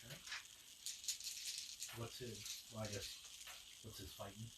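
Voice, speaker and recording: A man playing a tabletop game, answering with brief, low-key replies. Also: little pitch movement, measured pace. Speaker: player. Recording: echoey, distant and very noisy.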